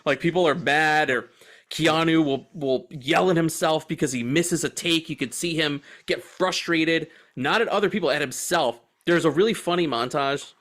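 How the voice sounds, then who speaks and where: Animated, profane man telling a story. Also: on the high side, moderate pace. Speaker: podcast co-host. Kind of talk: casual film podcast chat.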